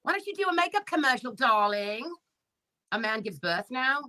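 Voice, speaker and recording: A woman's voice: on the high side, very animated, moderate pace, pushed and bright, rough recording. A woman hosting a live commentary stream, sarcastic and profane, chatting casually and reading out comments. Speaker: livestream commentary host.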